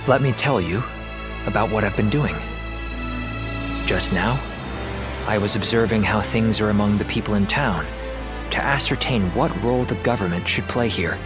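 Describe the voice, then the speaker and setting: A man's voice: fairly low pitch, normal speed, pauses often, lightly acted. A man voicing a polite court strategist. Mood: courteous. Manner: formal, polite, persuasive. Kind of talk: game voice acting. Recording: game audio with loud music.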